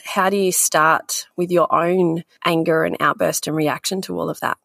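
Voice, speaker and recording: A woman's voice: lowish voice, moderate pace, vocal fry, few pauses, a bit bright, dry recording. Reflective married woman co-hosting. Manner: reflective, gives personal examples. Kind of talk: conversational chat.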